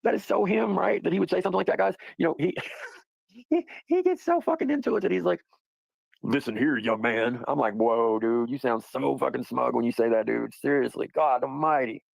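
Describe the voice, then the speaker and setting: A man's voice: fairly high pitch, big pitch swings, brisk, vocal fry, no echo, rough recording. A man hosting a livestream, talking in a rambling, profane, casual way and laughing often. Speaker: livestream host.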